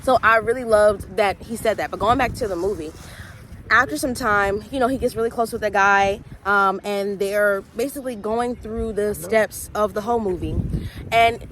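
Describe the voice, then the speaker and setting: A woman's voice: mid-range voice, a bit bright. Young woman, casual faith vlogger, chatty storytelling, faint traffic noise behind. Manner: chatty storyteller acting out quoted dialogue. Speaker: host of a faith vlog. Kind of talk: casual retelling of a movie.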